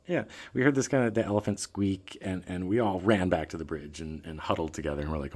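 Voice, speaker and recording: A man telling a travel story in a casual chat, animated and acting out what people said. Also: sits low, fast, few pauses, husky. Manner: animated, laughing, acts out quoted lines. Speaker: guest storyteller.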